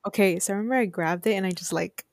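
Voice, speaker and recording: A young woman telling a story in a casual gaming chat, animated and giggly. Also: medium pitch, rapid-fire, gravelly, no echo.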